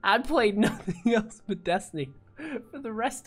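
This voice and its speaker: A woman streaming a game, reacting in an excitable, profane way. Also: medium pitch, a little slow, faint music behind.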